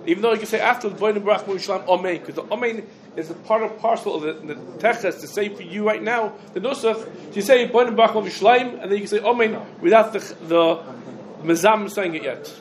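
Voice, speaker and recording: High-voiced man giving a quick Talmud lesson. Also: a little hiss or hum, poor audio. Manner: rapid, loose Hebrew-English lecture speech with restarts. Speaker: rabbi teaching a Talmud class. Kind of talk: halachic lecture to a class.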